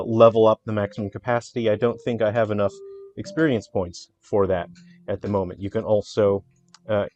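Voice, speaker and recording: A man with a lowish voice speaks in an earnest, unhurried way in a casual video update about his indie games. The recording is dull and lo-fi, and faint music sits in the background. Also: a little mellow. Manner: earnest, unhurried, plain-spoken. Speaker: indie game developer.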